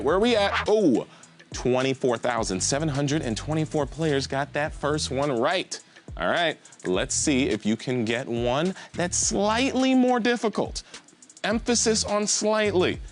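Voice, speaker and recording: A man hosting a live trivia game show, reading questions and cracking goofy jokes between them. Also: mid-range voice. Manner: jokey, animated, goofy asides.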